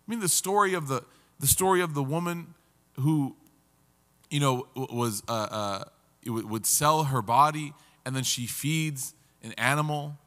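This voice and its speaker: A man's voice: a little high, lively intonation, normal speed, a bit bright. A man giving a casual, story-filled religious lecture, with humor and rising emphasis. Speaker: religious teacher. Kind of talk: conversational lecture. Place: lecture hall. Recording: reverberant hall.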